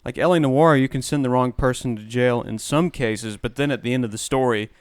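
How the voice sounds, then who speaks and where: An American man narrating his gameplay with a string of irreverent jokes and asides. His voice is mid-pitched, smooth and crisp, and it is recorded close and dry with no room sound. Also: fairly quick, no echo. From United States. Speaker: gameplay commentator. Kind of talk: joking let's-play commentary.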